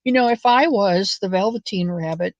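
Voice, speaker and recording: A woman chats to her viewers while she knits, telling folksy stories that wander from one thing to the next. Now and then she drops into a soft mutter as she works. The recording is dry and slightly muffled. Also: medium pitch, normal speed, dry recording. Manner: rambling, folksy storytelling with soft muttered asides. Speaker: knitting channel host. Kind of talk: chatty knit-along monologue. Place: at home, knitting.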